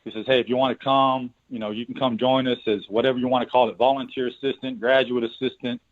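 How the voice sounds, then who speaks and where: A man's voice: mid-range voice, flat delivery, quick pace. A middle-aged man, a basketball coach, telling his career story in a casual interview, rambling and restarting his words. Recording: tinny phone-line sound.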